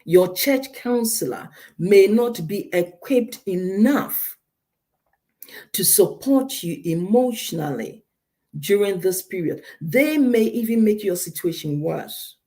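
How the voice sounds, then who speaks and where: A woman counselor talks straight to radio listeners, driving her advice home through repetition. Her voice is mellow and darker than most. She speaks with steady, earnest emphasis. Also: medium pitch, slow pace. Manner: emphatic, repeats key points, direct advice to listeners. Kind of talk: counseling talk on a radio show.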